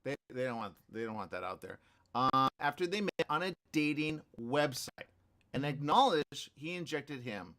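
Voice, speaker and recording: A man's voice: medium pitch, moderate pace. A man hosting a radio morning show, reading news stories aloud with joking commentary and frequent laughter. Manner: animated, laughing, repeats phrases.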